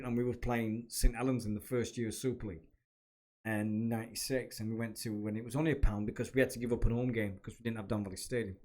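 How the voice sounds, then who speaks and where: A man's voice: mid-range voice, darkish tone. A man hosting a podcast, reminiscing in a rambling, chatty way. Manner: rambling, chatty, with many restarts. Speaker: podcast host and former kit man. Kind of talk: casual reminiscing monologue.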